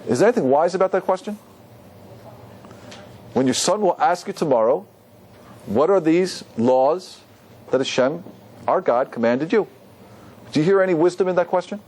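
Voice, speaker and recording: A man's voice: a little high, animated, normal speed, long pauses, a little mellow. A man teaching a Torah class as a rabbi, quizzing his students and quoting Hebrew verses.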